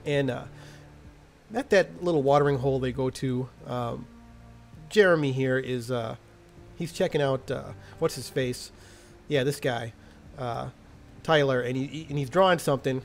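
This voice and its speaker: A man's voice: medium pitch, normal speed, gravelly, soft background music. A man casually recapping a TV episode in a slangy, crude, jokey way. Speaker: TV episode reviewer.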